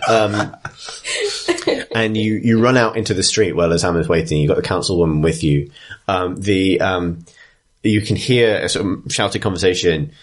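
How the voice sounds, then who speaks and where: A man's voice: low voice, normal speed. A man narrating as game master of a tabletop game, hesitant with many ums.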